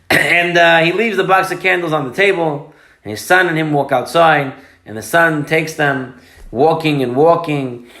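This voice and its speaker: Emphatic rabbi with a high voice. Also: male voice, fairly bright tone. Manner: emphatic, uses Hebrew and Yiddish terms. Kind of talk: sermon with storytelling. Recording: roomy echo.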